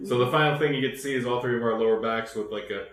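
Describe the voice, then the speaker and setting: A man's voice: mid-range voice, rapid-fire, fairly bright tone. A man co-hosting a podcast in casual chat, crude and joking and swearing a lot. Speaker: podcast co-host. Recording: roomy echo.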